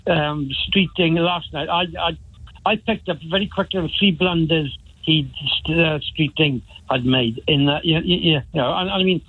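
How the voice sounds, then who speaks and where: Halting caller on a tinny phone. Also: male voice, fairly high pitch, husky, no room sound. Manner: halting, many restarts. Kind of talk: phone-in chat.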